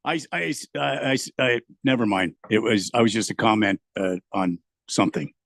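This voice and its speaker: Gravelly male co-host, halting and dry. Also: on the low side, lively intonation, dry recording. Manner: hesitant, lots of uhs, dry humor. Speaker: radio co-host. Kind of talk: casual sports radio chat.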